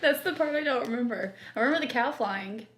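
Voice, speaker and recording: A woman's voice: a little high, animated, fast, fairly bright tone, echoey room. A woman from California, a podcast guest chatting and rambling with frequent laughter. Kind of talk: casual chat.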